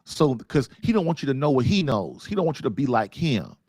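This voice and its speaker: A man's voice: medium pitch, sing-song, fairly quick, darkish tone, no echo, clean studio sound, voice pushed down. A man voicing a sly male serpent devil who coaxes and wheedles. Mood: coaxing. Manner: coaxing, wheedling.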